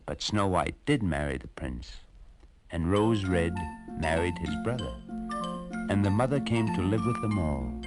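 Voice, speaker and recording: A man narrating children's fairy tales on a storybook record in an animated, expressive way. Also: deep voice, unhurried, faint music behind.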